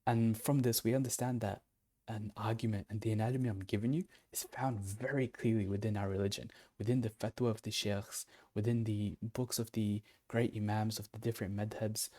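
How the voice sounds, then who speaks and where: A man's voice: fairly low pitch, steady tone, a little fast, mellow. A man giving a casual explanatory lesson in a loose, conversational way, with fillers and self-corrections. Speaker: online teacher.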